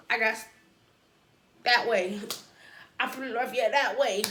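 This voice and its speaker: A woman's voice: mid-range voice, measured pace, long pauses, fairly bright tone, reverberant, slight background noise. A woman vlogger telling a personal story in a casual way, with dramatic asides and playful sound effects.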